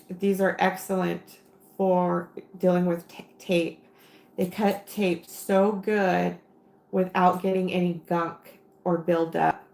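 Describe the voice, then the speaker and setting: A woman's voice: lowish voice, gravelly, darkish tone, roomy sound. A woman hosting a casual crafting livestream, rambling and talking to herself as she works, with plenty of fillers. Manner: rambling, talks to herself while working, many fillers.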